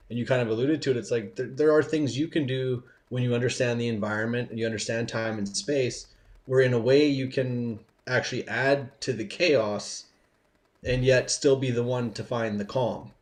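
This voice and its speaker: A man co-hosting a podcast, talking through ideas in a reflective, casual way and repeating words as he builds his point. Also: mid-range voice. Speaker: podcast co-host.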